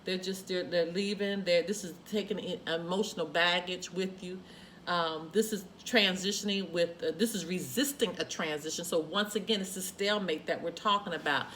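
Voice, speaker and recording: Bright-voiced woman giving an emphatic tarot reading. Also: on the low side, fairly even intonation, normal speed, slight background noise. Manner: emphatic, repeats phrases, frequent exclamations. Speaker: tarot reader. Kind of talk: spoken tarot card reading.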